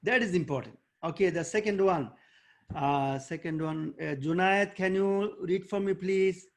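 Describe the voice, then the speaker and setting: A man teaching an online debate workshop over a video call. He coaches and quizzes students by name, and he often pauses and searches for words with fillers. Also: sits high.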